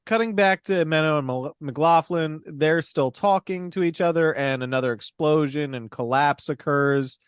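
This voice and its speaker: A man's voice: a little high, a little slow, clear, resonant tone, dry recording, studio quality. A man co-hosting a podcast, wryly recapping a movie in casual, profane chat full of fillers. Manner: wry, profane storytelling with many fillers. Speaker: podcast co-host.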